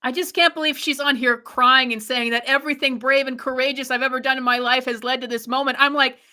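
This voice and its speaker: A young woman hosts a live reaction stream, rambling through her opinions with plenty of restarts. Her voice sits a little high and has a bright, sharp edge. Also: fairly even intonation, fast.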